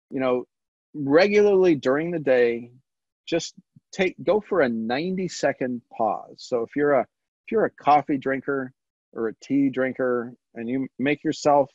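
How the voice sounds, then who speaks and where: A man presenting a stress management webinar in a relaxed, conversational way, pausing often with ums and restarting his sentences. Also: medium pitch, dry recording. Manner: halting, with frequent ums and restarts. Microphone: video call. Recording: dull lo-fi webinar audio, dry.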